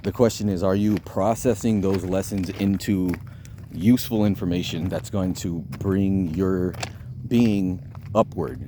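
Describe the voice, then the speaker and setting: Background noise accompanies a man whose voice sits low, speaking a little slowly with fairly even intonation. He's a vlogger giving dating advice to the camera, rambling, swearing often, and frequently restarting sentences and repeating words.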